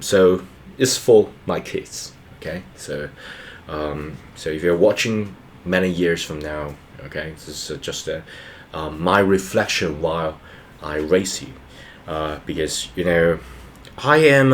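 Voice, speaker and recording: A man in his thirties, a channel host and father, giving a reflective personal monologue in an earnest, hesitant way, with many fillers and restarts. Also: sits low.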